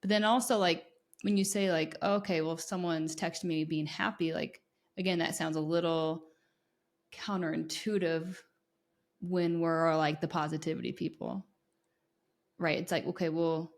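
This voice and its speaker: A woman in a casual podcast chat, asking questions and thinking out loud with lots of "like". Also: sits low, steady tone, moderate pace. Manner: questioning, thinks aloud with many "like" fillers.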